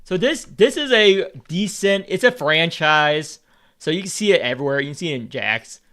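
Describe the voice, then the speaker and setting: A man's voice: fairly high pitch, animated, moderate pace, pushed and bright. A Vietnamese American man streaming, rambling in casual chat, repeating words and swearing freely as he talks. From United States.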